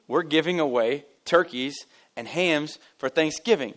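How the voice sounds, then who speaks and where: The lead pastor addresses his congregation at a church service with a casual sermon full of jokes and stories, often at his own expense. His voice is a little high and his pace measured, and he comes across as an animated, self-deprecating storyteller.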